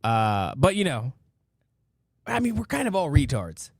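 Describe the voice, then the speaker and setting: A man's voice: a little high, wildly swooping pitch, a little slow, vocal fry, no echo, studio quality. A man hosting a casual live stream, joking around with silly catchphrases and stumbling as he reads out donations. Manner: playful, jokey, with repeated silly catchphrases; stammers and restarts while reading amounts. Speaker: podcast host reading out donations.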